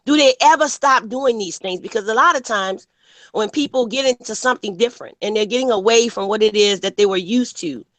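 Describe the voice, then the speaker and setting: A woman's voice: on the high side, fairly bright tone, no room sound. A woman co-hosting a casual panel talk, emphatic and blunt, often asking "you know what I'm saying". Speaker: panel host.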